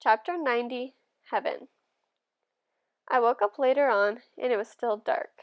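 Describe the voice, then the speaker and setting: Gravelly woman reading a novel aloud. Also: fairly high pitch, moderate pace, dull audio. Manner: gentle, steady storytelling. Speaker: audiobook reader. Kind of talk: first-person novel reading.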